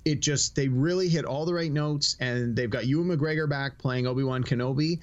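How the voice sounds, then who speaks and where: In dull-sounding audio, a middle-aged podcast host talks a little fast at a medium pitch. He's a lively storyteller in a casual chat, voicing the quotes himself and laughing through his words.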